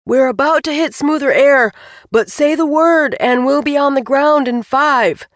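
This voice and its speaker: A woman voicing a cheerful, eager husband who flies the plane and yells reassurances over the noise. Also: low voice, animated, slow pace, dry recording, clean studio sound, full character voice. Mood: hollering cheerful. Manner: hollering over engine, upbeat and reassuring.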